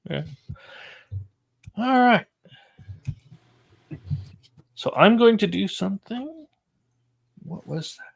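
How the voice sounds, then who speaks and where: Game master man, higher voice. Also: lively intonation, slow, creaky, long pauses, husky. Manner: casual, narrates combat results between dice rolls. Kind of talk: running a tabletop horror game.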